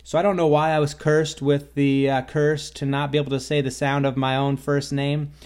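A man's voice: on the high side, flat delivery, normal speed, darkish tone, smooth. A man hosting a solo talk show, telling stories in a wry, rambling way with sarcastic asides. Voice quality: stutters on his own name at times. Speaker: podcast host. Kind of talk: casual solo monologue.

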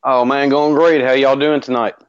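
A man with a deep Southern US accent, a radio guest telling stories in an easygoing, rambling way. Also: flat delivery, moderate pace, smooth, no echo, highs cut off. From Mississippi, American South. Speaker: guest, paranormal investigator. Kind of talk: casual radio interview.

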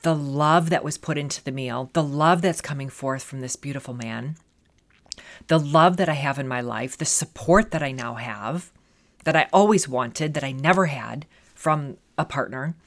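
A middle-aged woman with a notably deep, low-pitched voice shares a personal story in a motivational talk. Her delivery is earnest and reflective, with frequent "you know" fillers and restarts as she works her way through her thoughts. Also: normal speed.

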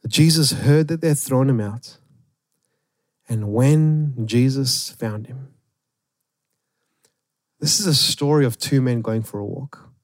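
Aussie preacher telling a story in a sermon, animated, pretty dry sound. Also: male voice, mid-range voice, takes it slowly, long pauses, no room sound. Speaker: pastor.

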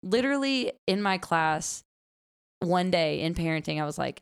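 A young woman in casual chat, talking about being a mother in an animated way, with lots of "like" fillers and quoted lines in a high voice. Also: quick pace, clean tone.

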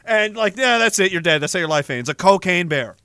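A young man rambling comedically to a live audience in a profane, animated way, reading viewer messages and breaking into sudden shouts. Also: sits high, fairly quick, no room sound, clean studio sound. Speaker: live streamer.

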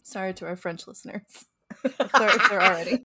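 A woman's voice: mid-range voice, fairly quick, pushed and bright, slight background noise. A young woman from New Jersey co-hosting a podcast, chatting casually and laughing often. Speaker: podcast co-host. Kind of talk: casual chat.

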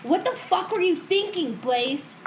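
A woman's voice: extremely high pitch, animated, measured pace, very noisy. A woman player at a tabletop game, teasing and profane in casual chat.

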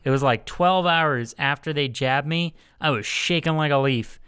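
A man's voice: a little high, normal speed, fairly bright tone, clean tone, no room sound, clean studio sound. A young man hosting a casual podcast, teasing his co-hosts and swearing freely. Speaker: podcast host.

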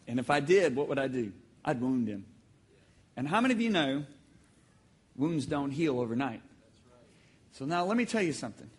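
A man preaching a sermon to a congregation, telling stories with sudden shouts and emphatic, drawn-out phrases. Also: mid-range voice, animated, husky. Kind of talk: sermon with audience call-and-response. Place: church hall with live congregation.

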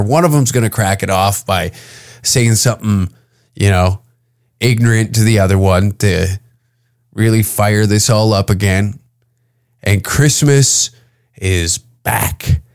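A man's voice: lowish voice, darkish tone, smooth. A man from Canada hosting a podcast, riffing in a crude, rambling comedic monologue and putting on voices for the people he quotes. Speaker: podcast host.

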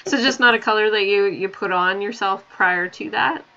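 A chatty woman asks a guest questions with a light, self-deprecating manner. Her voice is bright and forward. The recording sounds dull and lo-fi. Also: medium pitch, moderate pace, gravelly. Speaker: interviewer. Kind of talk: casual interview chat.

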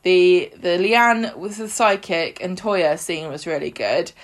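A woman with a fairly low voice takes her time as she co-hosts a podcast. In a chatty way, she recaps soap scenes, quoting lines from them.

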